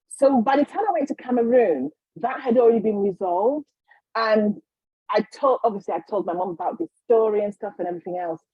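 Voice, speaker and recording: A woman guest, a healer, telling her story in a casual, animated way, acting out the voices of others. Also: a little high, a little fast, breathy edge, no room sound, lo-fi sound. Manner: animated, acts out quotes, frequent restarts.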